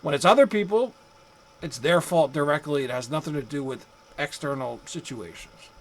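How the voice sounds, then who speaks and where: A man's voice: a little high, normal speed, a little hiss or hum, poor audio. A man giving a psychology lecture in a loose, conversational way, with rhetorical asides and acted-out examples. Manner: conversational, rhetorical asides, acts out angry drivers. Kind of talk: recorded classroom lecture.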